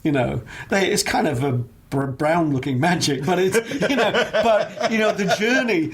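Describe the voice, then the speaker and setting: A man's voice: high voice, normal speed. A middle-aged Englishman from the north of England, a voice casting director talking frankly and bluntly in a casual interview, laughing often.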